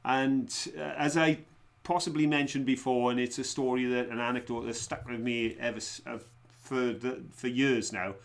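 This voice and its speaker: A man's voice: medium pitch, steady tone, normal speed. A man co-hosting a casual live stream, joking around, telling anecdotes and asking quiz questions. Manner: jokey, storytelling, quizmaster.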